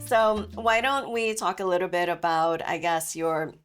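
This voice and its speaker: A woman's voice: fairly low pitch, a little slow, loud music behind the voice. A woman hosting a podcast interview, asking curious questions and laughing easily. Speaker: podcast host. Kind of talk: casual interview.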